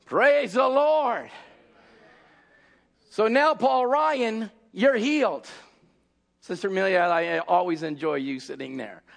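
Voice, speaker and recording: A man preaching an impassioned sermon, acting out scenes and shouting at the peaks. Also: sits high, lively intonation, slow, vocal fry, long pauses.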